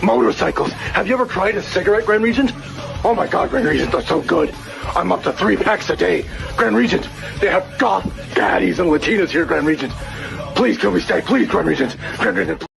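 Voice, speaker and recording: A man's voice: sits high, animated, fairly quick, creaky, over music, full character voice. A man voicing a giddy male alien envoy who keeps pleading to stay on a planet. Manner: pleading, repeats a title.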